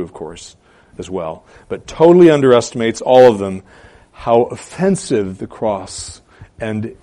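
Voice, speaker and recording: A man preaching a sermon as pastor, with emphatic stresses, quiet asides and hesitant fillers between phrases. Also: fairly low pitch.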